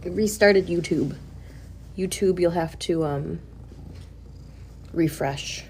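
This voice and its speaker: A woman chatting casually on a livestream at home, soft and cooing, sometimes dropping to a whisper. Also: on the low side, slow pace, creaky, a little hiss or hum. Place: at home beside a cat.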